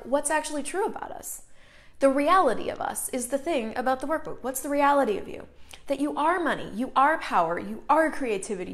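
A middle-aged woman hosting a live stream, talking casually and greeting viewers by name as she goes. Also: a little high. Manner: chatty, greets viewers by name mid-sentence.

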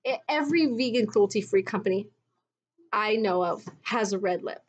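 A woman's voice: fairly high pitch, lively intonation, normal speed, husky. A woman vlogging at home in a blunt, exasperated tone, with mocking asides. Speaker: vlogger recounting her MLM experience. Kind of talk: casual commentary video.

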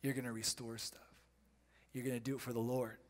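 A man preaching a charismatic sermon in a church, breaking into loud bursts and dropping into quiet, slangy asides. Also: medium pitch, flat delivery. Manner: preaching with sudden loud bursts and dramatic pauses. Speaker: pastor. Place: church sanctuary. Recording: reverberant church hall.

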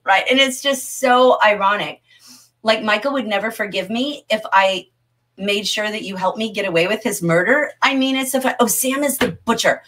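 Answering questions from the chat with frequent laughter, a middle-aged woman teaches literature over a livestream in an animated way. Her voice sits in the middle range.

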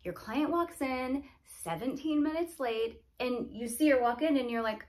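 A woman with a slightly high voice gives casual advice to other lash artists. She talks in a lively, chatty way and acts out little client scenarios as she goes. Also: moderate pace. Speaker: lash business educator.

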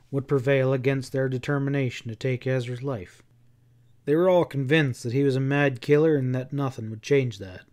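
A man narrating a western novel aloud in a steady storytelling read. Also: mid-range voice. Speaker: audiobook narrator.

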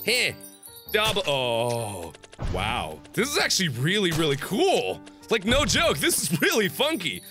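Excitable high-voiced gamer man. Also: normal speed, few pauses. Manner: excitable, punny, frequent yelps and laughs. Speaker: gaming YouTuber. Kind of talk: let's play commentary. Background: game music.

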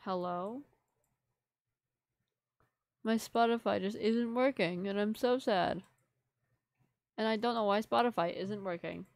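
A woman's voice: mid-range voice, a little slow, gravelly, long pauses, no room sound, clean studio sound. A young woman live-streaming to her viewers in casual chat, rambling and apologetic, full of fillers. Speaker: livestreamer.

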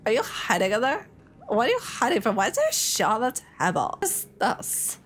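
A woman's voice: fairly high pitch, wildly swooping pitch, a little fast, a bit bright, soft background music. Playful, chatty woman gamer. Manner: playful, chatty, talks to the viewers. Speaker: gaming channel host. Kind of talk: casual let's-play commentary.

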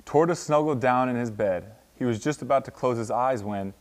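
A man's voice: mid-range voice, normal speed, few pauses. Young man reading a picture book aloud. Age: 20s. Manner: steady storybook reading with sound effects. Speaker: college football player reading to children. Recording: long hall reverb.

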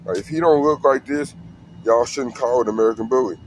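A man's voice: medium pitch, fairly quick, a little hiss or hum. A man who breeds dogs, talking casually and slangily to the camera outdoors with his dog. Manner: slangy, laid-back, talks to camera and dog. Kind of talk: casual vlog talk.

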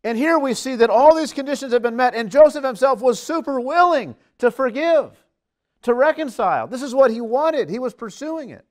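Man, preacher, high voice, earnest, emphatic sermon delivery. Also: normal speed. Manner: earnest, emphatic, lively swings in pitch and loudness.

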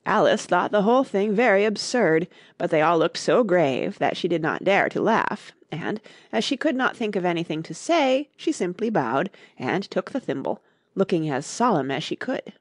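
A woman reading a classic children's storybook aloud as narrator, with expressive, lively storytelling. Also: on the low side, no echo, clean studio sound. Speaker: audiobook narrator.

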